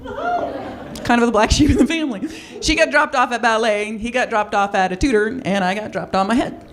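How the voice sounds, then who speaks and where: A woman's voice: a little high, expressive, moderate pace. Wry self-deprecating woman comic. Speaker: stand-up comic. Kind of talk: stand-up comedy set.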